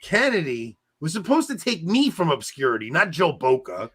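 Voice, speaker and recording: Loud, excitable man in his forties. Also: mid-range voice, normal speed, vocal fry, few pauses, slightly rough. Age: 40s. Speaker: podcast co-host. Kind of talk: casual chat.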